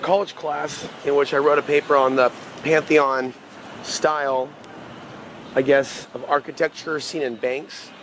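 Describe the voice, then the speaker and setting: Male vlogger in his thirties, slightly high voice, rambling casually to a handheld camera over street noise. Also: flat delivery, a little slow, fairly bright tone, poor audio. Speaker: vlogger filming a walking tour. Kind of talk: casual walking-tour vlog. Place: outdoors on city streets. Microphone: handheld camera mic. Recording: outdoor city noise. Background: street traffic noise.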